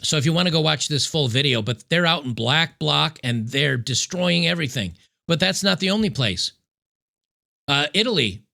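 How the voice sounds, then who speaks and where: Gravelly, bright-voiced male commentator. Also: on the high side, lively intonation. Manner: sarcastic, emphatic, repeats key points slowly. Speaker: political commentary host. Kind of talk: opinionated commentary over news clips.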